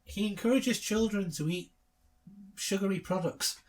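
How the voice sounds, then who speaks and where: A man's voice: high-pitched, normal speed, darkish tone. A man co-hosting a casual film commentary, trading sarcastic jokes and laughing often. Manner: sarcastic, joking riffs with frequent laughter. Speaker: co-host.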